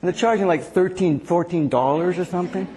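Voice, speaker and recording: A man's voice: high voice, brisk, a little mellow. A man in his sixties giving a casual sermon as a pastor, telling stories with lots of restarts. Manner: chatty storytelling with many restarts. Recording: echoey hall reverb.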